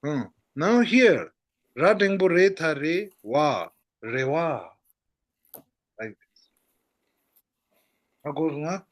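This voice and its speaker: A man's voice: a little high, big pitch swings. A man teaching an online language lesson, patient and repetitive, often checking whether students follow. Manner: slow, patient, repeats checks like "how goes, no?". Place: online class over a shaky internet connection.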